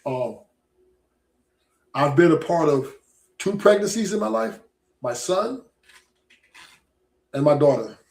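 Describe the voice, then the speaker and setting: A man's voice: fairly high pitch, lively intonation, slow, vocal fry, pauses often, darkish tone. A man hosting a casual podcast talk, rambling and often checking in with his listeners by asking "right?". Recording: roomy echo.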